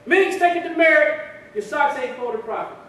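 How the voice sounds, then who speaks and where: A man acting out a strict male drill sergeant who shouts clipped orders, in an echoey hall. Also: very high voice, quick pace, voice pushed up. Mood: barking. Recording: echoey hall, distant mic, background noise.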